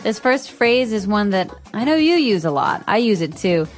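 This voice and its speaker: A woman co-hosting an English-learning podcast, explaining phrases clearly and giving example sentences in casual chat. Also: medium pitch, big pitch swings, moderate pace, soft background music. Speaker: podcast co-host and English teacher.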